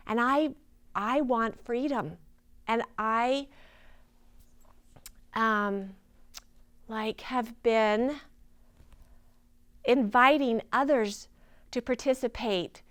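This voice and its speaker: A woman's voice: fairly high pitch, smooth. A woman in her forties, a healing practitioner, giving an earnest, inspirational personal testimony.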